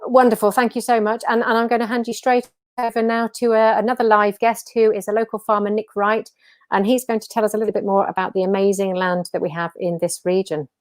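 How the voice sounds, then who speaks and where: A woman's voice: on the high side, no room sound. Enthusiastic woman hosting an event. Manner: enthusiastic, with many fillers and repeated words. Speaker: event host. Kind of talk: hosting a live community event.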